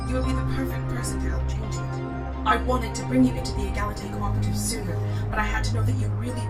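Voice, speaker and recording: A contrite princess from a video game, played by a woman, earnest and apologetic and speaking with an accent. Her voice sits high. Loud game music plays behind her. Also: natural voice. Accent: put-on accent. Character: remorseful young woman, a princess in a borrowed body.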